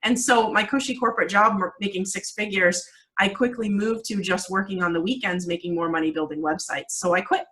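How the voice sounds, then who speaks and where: A woman in her forties, a guest in a casual interview, telling a story in an animated way, laughing often and using many fillers. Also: mid-range voice, fairly quick, poor audio. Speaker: guest, video marketing coach.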